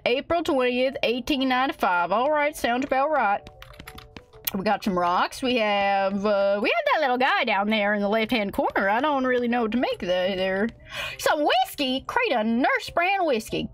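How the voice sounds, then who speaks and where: A young woman with a high, slightly bright voice streams a game in playful let's-play style, reading its text aloud in a hammy, folksy put-on cowboy drawl. She chats, laughs often, and faint game music plays behind her.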